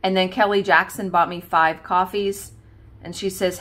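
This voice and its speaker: Woman, lowish voice, rambling casual craft chat, lots of fillers and laughs. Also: steady tone, normal speed, fairly bright tone. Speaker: craft video host.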